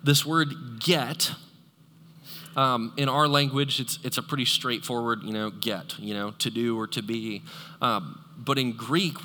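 A male pastor preaching a sermon in a church, animated and conversational, joking with the congregation. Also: mid-range voice, slight background noise. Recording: long echoey hall reverb.

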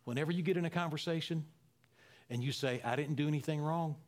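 A pastor with a fairly high voice talks fast as he preaches a sermon. He repeats phrases for emphasis and swings between loud, emphatic lines and hushed near-whispers.

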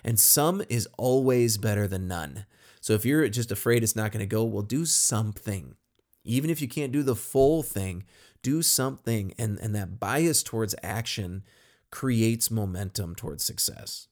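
A man's voice: fairly low pitch, expressive, moderate pace, a little mellow. A man co-hosting a podcast, talking earnestly and laughing often as he tells stories. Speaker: podcast co-host. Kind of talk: casual podcast chat.

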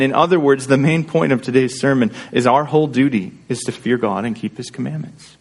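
A man's voice: mid-range voice, normal speed, hardly any pauses, breathy edge. A man pastor preaching a sermon in an earnest, conversational way, often checking in with his listeners through rhetorical questions.

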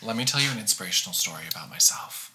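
A young woman with a strikingly low voice that still sounds bright and sharp. Her pitch moves around a lot as she tells stories in a playful, teasing way, laughing easily. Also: animated, rapid-fire. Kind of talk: casual chat.

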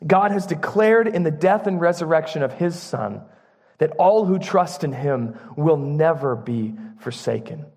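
High-voiced preacher in a reverberant church. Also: male voice, expressive, darkish tone. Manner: earnest, emphatic with dramatic pauses. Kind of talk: sermon.

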